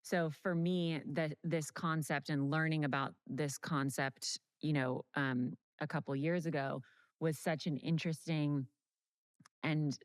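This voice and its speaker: A woman's voice: low voice, steady tone, measured pace. A woman hosting a podcast, reflecting thoughtfully in casual conversation. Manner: reflective, with many fillers and restarts. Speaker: podcast host.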